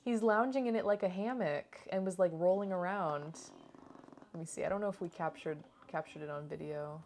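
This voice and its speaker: Lower-pitched woman, easygoing travel-vlog voice-over, rambling and unfiltered. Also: fairly quick, a little mellow, a little hiss or hum. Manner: chatty and rambling, swears and laughs often. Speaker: cooking channel vlogger.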